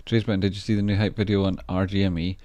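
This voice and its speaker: Low-voiced Scottish man chatting on a livestream. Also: flat delivery, very fast, dark tone, no echo. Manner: chatty, swears freely, effusive with thanks. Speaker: stock trading livestreamer. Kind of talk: casual livestream chat, reading viewer messages.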